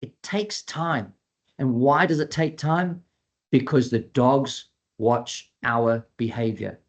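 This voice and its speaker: A man gives a webinar presentation as a dog trainer, chatty and animated, acting out what clients and dogs might say. His voice is mid-range and he takes it slowly.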